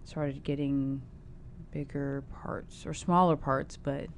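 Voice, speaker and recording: A woman's voice: extremely low pitch, steady tone, takes it slowly, slight background noise. A woman actor being interviewed, chatting casually and stopping often to restart her thoughts. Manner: chatty, with many fillers and restarts. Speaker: actor guest.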